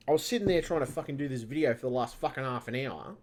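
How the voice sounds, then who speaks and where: This man's mid-range voice is animated and quick, with hardly any pauses, as he rambles through a casual vlog on his home computer mic. The host swears constantly out of frustration and keeps restarting and trailing off.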